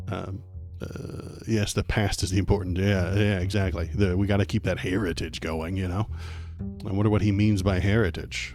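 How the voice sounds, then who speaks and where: A man's voice: low voice, a little mellow. A man streaming political commentary, reading a document aloud and mocking it with sarcastic, angry asides and frequent stumbles. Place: home streaming setup.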